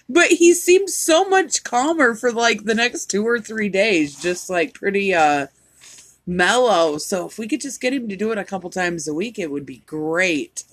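A woman's voice: medium pitch, lively intonation, unhurried. A woman co-hosting a casual podcast chat, telling stories with frequent swearing and laughter. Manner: profane, laughing storyteller. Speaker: podcast co-host.

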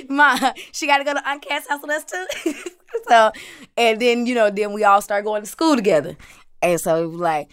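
A woman telling family stories in a casual interview, animated and quick to laugh. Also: a little high, smooth. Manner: animated, lively, laughing as she talks. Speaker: interviewee, aunt.

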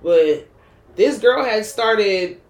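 A woman co-hosting a podcast, chatting casually in a blunt, animated way and laughing often. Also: mid-range voice, extremely slow, echoey room. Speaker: podcast co-host. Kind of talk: casual chat.

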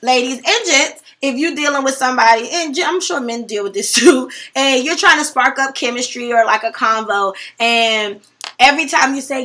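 High-voiced animated woman co-host. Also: normal speed. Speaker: podcast co-host. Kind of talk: casual chat.

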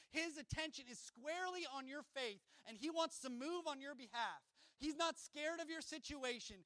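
A man preaching a sermon in a casual, conversational way, retelling scripture in slangy everyday speech and swinging between loud emphatic peaks and hushed asides. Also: very high voice, no echo. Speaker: pastor.

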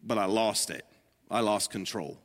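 A man's voice: lowish voice, measured pace. A middle-aged man preaching a sermon, telling a story with self-deprecating humor and talking to the congregation and to his wife. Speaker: pastor. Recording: long hall reverb.

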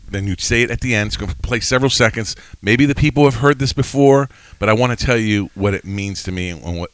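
Deep-voiced man, rambling faith podcast talk. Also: a bit bright, dry recording. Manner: emotional, rambling storyteller with many restarts. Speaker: podcast co-host.

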